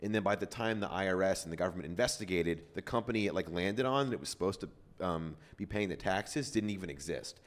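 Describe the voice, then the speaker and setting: A man's voice: sits low, animated, quick pace, hardly any pauses. A man hosting a podcast, telling a story in loose casual chat with lots of fillers and swearing. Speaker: podcast host.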